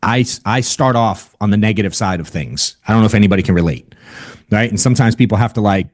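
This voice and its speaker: A man giving a casual, energetic sales training over a video call. He talks bluntly and keeps asking "right?" and saying "dude.". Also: lowish voice, quick pace. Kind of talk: casual motivational training talk.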